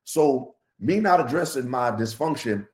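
Animated middle-aged man, lively pitch. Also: measured pace. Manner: animated, laughs often, jumps high when excited. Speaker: podcast guest. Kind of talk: casual chat.

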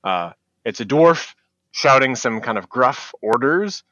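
A man's voice: medium pitch, expressive, a little slow, sharp tone, no room sound. A man acting as game master, explaining rules and narrating a tabletop game with frequent fillers. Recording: dry, slightly dull recording.

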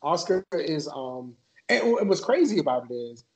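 A man's voice: fairly high pitch, sing-song, normal speed, a little mellow, low-quality recording. A man from Maryland, a podcast guest, talking in a laid-back, loose way with lots of fillers. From Maryland, USA. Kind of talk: casual podcast chat.

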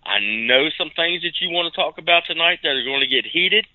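A man co-hosting a casual podcast, chatty and quick to laugh. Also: on the high side, dry recording. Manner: animated, laughs easily, chatty storyteller. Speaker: podcast co-host. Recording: dry, tinny phone-like line.

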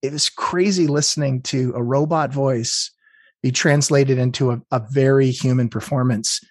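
A man's voice: medium pitch, steady tone, normal speed, no echo, clean studio sound. A man from Canada, a game developer, talking through his choices in an interview, with many restarts and fillers. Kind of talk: interview, conversational.

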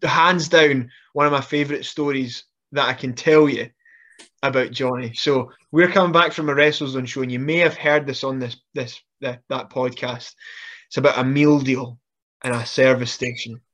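Man with a muffled, animated voice. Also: medium pitch, moderate pace. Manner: animated, laughs through stories, frequent restarts. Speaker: podcast guest, wrestler. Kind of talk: casual storytelling.

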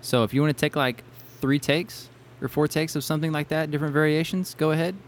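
A man's voice: fairly high pitch, fairly even intonation, quick pace, a little hiss or hum. A young man hosting a gaming podcast, rambling casually, laughing often and correcting himself. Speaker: podcast host. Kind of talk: casual banter while planning intros.

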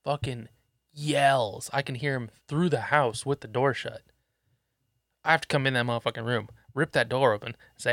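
A man's voice: mid-range voice, fairly even intonation, moderate pace, fairly bright tone, no room sound, studio quality. A man and parent chatting on a podcast, blunt and full of swearing, acting out how he scolds his son. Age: adult parent. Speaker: podcast co-host. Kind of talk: casual profane chat.

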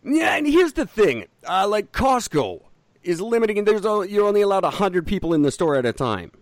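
A man's voice: fairly quick, no room sound. A man co-hosting a podcast in casual chat, blunt and ranting, swearing freely. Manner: blunt, swears freely, rants with animated pitch. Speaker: podcast co-host.

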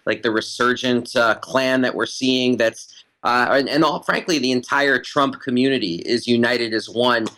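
A man's voice: mid-range voice, fairly even intonation, moderate pace, pushed and bright, poor audio. A man speaking as a guest commentator in an interview, making his case emphatically and repeating phrases for stress. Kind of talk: analytical interview talk.

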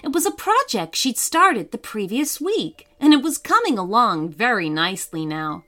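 A woman narrating a children's story in an expressive, sing-song way. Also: a little high.

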